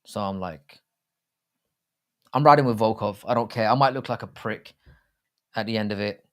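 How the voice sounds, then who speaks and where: A man's voice: on the low side, normal speed, fairly bright tone. Rambling, crude-humored male streamer. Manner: rambling, crude and jokey, with frequent restarts. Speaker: livestream host. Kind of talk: casual live-stream chat about fight betting.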